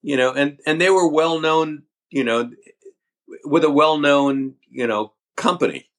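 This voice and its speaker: An older man, a podcast guest, telling his story candidly in a halting, talkative way. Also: on the high side. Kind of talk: storytelling interview.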